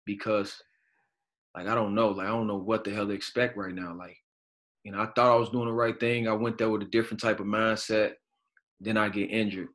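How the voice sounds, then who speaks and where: Over a video call, a professional basketball player in his thirties from Chicago, United States, appears as a guest. His voice is fairly low and a little fast as he tells stories animatedly in a casual, slangy, profane way.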